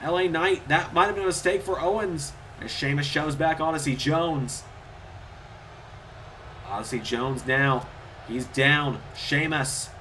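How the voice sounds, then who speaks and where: A man giving solo play-by-play commentary over a wrestling video game, getting louder and higher at the big moves. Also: a little slow, a little hiss or hum. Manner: excitable, rises in pitch and volume at big moves.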